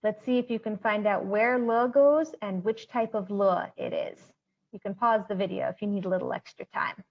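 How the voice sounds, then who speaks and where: A woman teaching a beginner Chinese grammar lesson, slowing down to say each example sentence with care. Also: mid-range voice, fairly even intonation, muffled recording.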